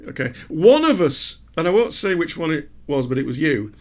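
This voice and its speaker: A man's voice: on the high side, big pitch swings, moderate pace. Wry man chatting on a podcast. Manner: dry, self-mocking, wry asides. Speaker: podcast co-host. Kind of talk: casual chat.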